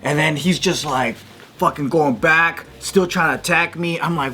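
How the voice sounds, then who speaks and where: A man co-hosting a casual podcast, telling a story in an animated way, swearing freely and acting out the shouts. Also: a little high, moderate pace, a little hiss or hum. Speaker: podcast co-host.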